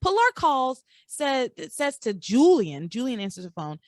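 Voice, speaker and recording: A woman's voice: high voice, a little slow, no echo, clean studio sound. A woman co-hosting a podcast, casually recapping soap episodes and acting out the characters' lines as she goes. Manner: animated, acts out soap characters' lines while retelling. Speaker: podcast co-host.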